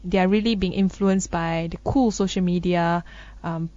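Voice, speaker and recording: A woman's voice: on the low side, steady tone, moderate pace, dark tone, no room sound. Laughing woman co-host. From Malaysia. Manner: laughs often, sarcastic banter, thinking aloud with restarts. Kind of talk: casual news discussion. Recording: dull, dry studio sound.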